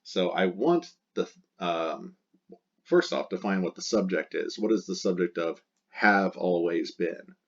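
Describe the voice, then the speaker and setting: A man with a very low voice explains a language exercise in a patient, step-by-step way, going back over the key words again and again. The sound is dull and lo-fi, like a simple home recording. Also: animated, a little slow, vocal fry. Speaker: Latin teacher.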